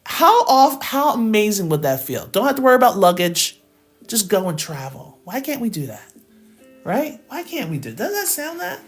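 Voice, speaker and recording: A woman's voice: normal speed, soft background music. A woman who hosts a math channel, giving a casual motivational rant to her viewers, laughing often and answering live chat. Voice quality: lively, swinging pitch. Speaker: math teacher and channel host.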